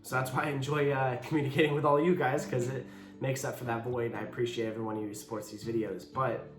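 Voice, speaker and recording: A man's voice: medium pitch, level tone, fast talker. A young man telling a personal story in a casual vlog, candid and blunt, acting out the lines of the people in it. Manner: candid, blunt, with swearing and quoted dialogue. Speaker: YouTuber telling his story. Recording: echoey room with faint guitar music.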